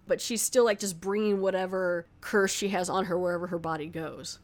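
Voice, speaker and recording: A woman's voice: mid-range voice, brisk, few pauses. A woman casually retelling a horror film's plot as a movie reviewer, rambling and filling with "like" as she goes. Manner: rambling, filler-heavy storytelling with frequent "like". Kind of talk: casual spoken film recap.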